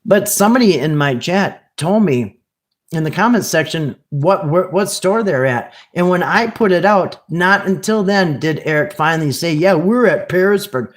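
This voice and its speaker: A man hosting a live stream, talking casually in a rambling, animated way and answering viewers' comments by name. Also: sits high, moderate pace. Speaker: channel host reading live chat.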